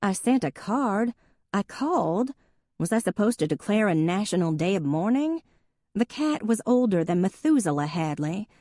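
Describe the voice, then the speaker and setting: A woman's voice: mid-range voice, sing-song, normal speed, mellow, no room sound, studio quality, voice pushed up, lightly acted. Woman doing a drawling Southern tomboy vet. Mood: teasing. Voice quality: drawling good-old-boy put-on voice. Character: brash young woman vet, joking sister.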